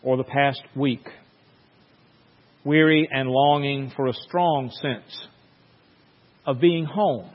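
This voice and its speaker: A man preaching a sermon in a slow, measured way, reading scripture and telling a story with long pauses. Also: mid-range voice, steady tone. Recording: dull sound with long hall reverb.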